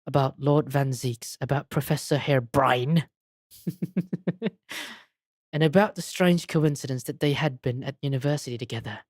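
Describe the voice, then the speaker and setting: A woman reading an earnest young male lawyer from a game in a lowered, plain voice. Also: a little slow, long pauses, a little mellow, dry recording, studio quality. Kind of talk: reading game dialogue aloud.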